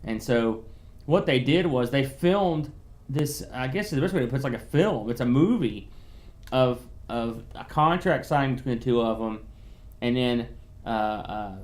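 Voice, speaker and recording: Rambling man co-hosting a podcast. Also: mid-range voice. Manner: rambling, restarts often, explains at length. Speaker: podcast co-host. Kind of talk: casual chat.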